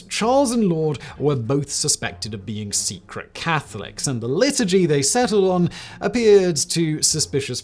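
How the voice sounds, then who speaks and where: A man giving scripted history narration with a wry, sarcastic humor and emphatic, swinging delivery. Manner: wry, sarcastic, jokey asides; lively, emphatic delivery with big pitch swings. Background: faint background music.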